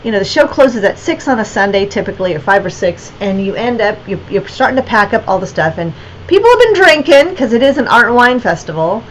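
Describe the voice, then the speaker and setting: A woman's voice: mid-range voice, sing-song, a little fast, a little hiss or hum, poor audio. Rambling woman chatting on a livestream. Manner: rambling, many fillers and restarts. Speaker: artist and gallery owner. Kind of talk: casual livestream chat.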